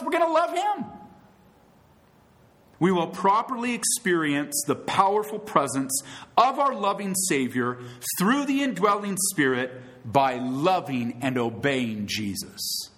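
A man's voice: high voice, a bit bright. A man preaching a sermon as pastor, earnest and emphatic, asking his listeners rhetorical questions.

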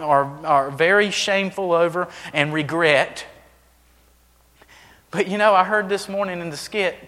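A man preaching a sermon as pastor, swinging between hushed, intimate lines and loud, emphatic ones. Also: high-pitched, big-room sound. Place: church sanctuary.

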